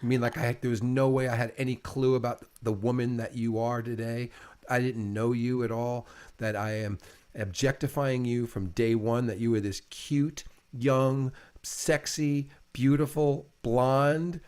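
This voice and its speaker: A man's voice: mid-range voice, fairly even intonation, normal speed, darkish tone, clean tone. A middle-aged man in an intimate casual chat with his partner, rambling and repeating words, often emotional. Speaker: host interviewing his partner.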